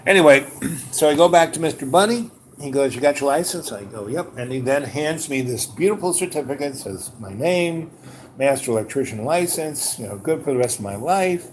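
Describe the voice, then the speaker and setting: A man's voice: medium pitch, expressive, normal speed, a little hiss or hum. Older man, from New York, casual storytelling, rambling, says "you know" a lot, acts out dialogue.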